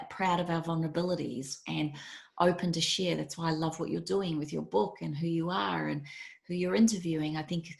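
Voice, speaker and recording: Low gravelly-voiced woman guest. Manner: earnest, storytelling, emphatic. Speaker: podcast guest. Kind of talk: conversational interview.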